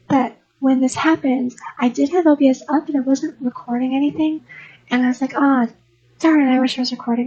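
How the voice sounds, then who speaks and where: A young woman rambles through an unscripted voice-over for her gaming channel, and she often stops to restart her sentences. Her voice sits high, yet it sounds mellow and a little husky. The home mic gives a dull, lo-fi sound. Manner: rambling, chatty, many restarts.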